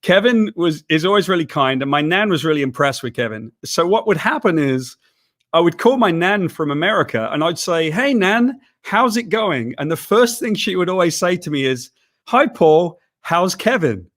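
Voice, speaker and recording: A middle-aged man from Wales, reminiscing in a chatty, animated way in a casual video chat. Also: on the high side, a little fast. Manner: chatty, animated, laughs while telling. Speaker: comics writer, co-host.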